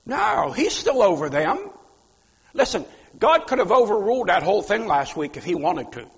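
Fiery, husky-voiced preacher man. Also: high voice, sing-song, moderate pace, long reverb tail. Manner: fiery, emphatic preaching with sudden loud outbursts. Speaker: pastor. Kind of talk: sermon.

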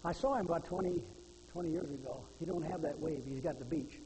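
A man's voice: a little high, fast talker. An older man preaching a sermon, folksy in his storytelling and fervent when he pleads with the congregation. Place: church sanctuary. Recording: echoey church hall with faint noise.

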